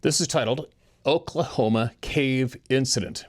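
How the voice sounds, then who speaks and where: Chuckling to his listeners, a show host with a lowish voice wanders through strange personal stories, reading ones sent in by listeners in casual storytelling. He talks at normal speed but pauses often.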